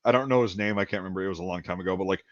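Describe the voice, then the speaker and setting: A man's voice: sits low, racing, dry recording. A man from Wisconsin telling a rambling story in casual chat, repeating words and acting out what people said. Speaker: podcast host. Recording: dull lo-fi dry sound.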